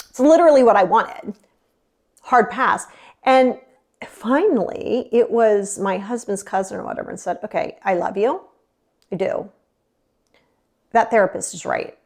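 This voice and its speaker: Thirties woman chatting on a podcast, bit of vocal fry, super candid, acts out the voices when she retells stuff. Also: medium pitch, animated, normal speed, darkish tone. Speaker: guest. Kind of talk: casual storytelling.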